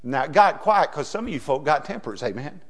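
A middle-aged preacher from delivers a folksy sermon. His voice sits fairly high for a man and moves constantly, sliding between hushed, intimate asides and loud, emphatic peaks. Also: expressive, fairly quick. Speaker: pastor.

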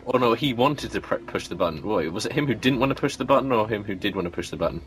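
A man's voice: on the low side, animated, quick pace, a bit bright, soft background music. A man in casual chat about a TV show, talking thoughtfully with hesitant restarts.

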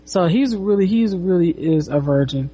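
A woman's voice: lowish voice, expressive, moderate pace, mellow, husky, faint music behind. A woman casually retelling a comic book, rambling with restarts and swearing. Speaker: comic reviewer.

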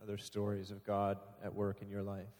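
A man's voice: fairly low pitch, completely flat delivery, fairly quick, darkish tone. Man leading church sharing time, easygoing. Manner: conversational, self-deprecating, laughs often. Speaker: service leader. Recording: echoey hall.

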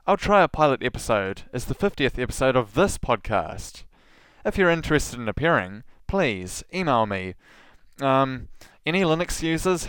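A man's voice: mid-range voice, a bit bright, smooth, dry recording. A man hosting a podcast, reading a scripted solo monologue full of sarcastic, mocking asides. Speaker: podcast host.

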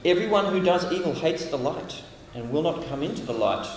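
An Australian man preaching at a camp, lively and dramatic, acting out lines from scripture. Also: a little high, a little fast, a little hiss or hum. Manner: animated, acts out voices from scripture passages. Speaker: camp speaker. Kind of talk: sermon. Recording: echoey hall, heard from a distance.

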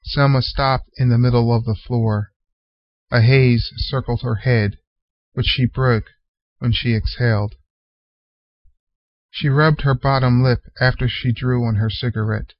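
Slow, measured male storyteller. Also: mid-range voice, fairly even intonation, no echo. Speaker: narrator. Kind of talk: reading a short story aloud. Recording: dull lo-fi sound.

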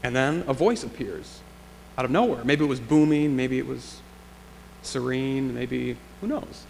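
In a sanctuary thick with long reverb and a faint hum, a male pastor delivers a reflective, conversational sermon built around rhetorical questions. His medium-pitched voice is gravelly and a little slow.

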